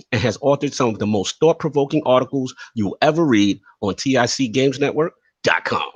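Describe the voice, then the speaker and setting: A man hosts a gaming podcast in a slightly husky voice. His pitch swings widely as he reels off showy introductions. The sound is close and dry. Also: no echo. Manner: hype-style introductions with playful nicknames. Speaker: podcast host. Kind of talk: casual podcast chat.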